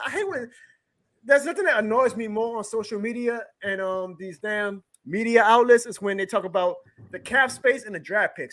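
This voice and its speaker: A man hosts a live sports stream, his voice high and bright. He rants hard, swears freely and breaks into laughs between points. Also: moderate pace. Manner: fired-up ranting, profane, laughs often. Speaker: podcast host.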